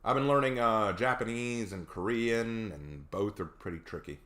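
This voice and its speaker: A man's voice: on the low side, moderate pace, a bit bright. A man chatting casually on a live stream, reading viewer comments aloud and telling laid-back stories.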